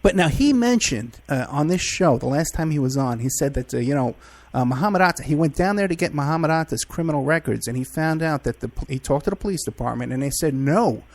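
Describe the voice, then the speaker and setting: A male radio host interviews his guest in a relaxed, chatty way, often stumbling over the start of a question. His voice sits a touch higher than most men's. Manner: casual, conversational, halting questions. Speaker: radio talk show host.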